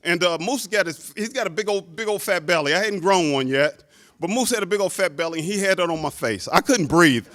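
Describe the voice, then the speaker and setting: A slightly high-voiced man in his fifties from Chicago, United States, gives a lively speech as a hall of fame inductee, telling a story. He keeps tossing quick asides to the crowd.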